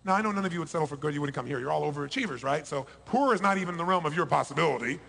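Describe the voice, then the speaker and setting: High-pitched man preaching success in a big hall. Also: rapid-fire, vocal fry. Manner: emphatic, swings between loud bursts and hushed lows. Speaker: motivational speaker. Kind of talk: motivational seminar speech. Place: large hall before a live audience.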